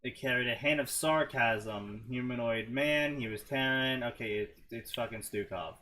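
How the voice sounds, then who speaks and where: A man casually commentating on fanfiction he reads aloud, sardonic and quick to swear. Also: mid-range voice, pushed and bright, a little hiss or hum. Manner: sardonic, laughs a lot, swears.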